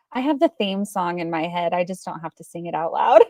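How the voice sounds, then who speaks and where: Mellow woman co-host tossing in quick comments, dry sound. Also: medium pitch, lively intonation, no echo, lo-fi sound. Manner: brief warm interjections and laughs. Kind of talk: casual livestream chat.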